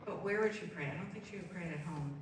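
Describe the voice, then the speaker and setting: A woman's voice: lowish voice, noisy background. Woman poet reading in an echoey room. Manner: casual and giggly between poems, slow and deliberate when reading. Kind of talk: live poetry reading with chatty introductions. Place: live reading at an arts venue. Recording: roomy echo, distant mic, faint ambience.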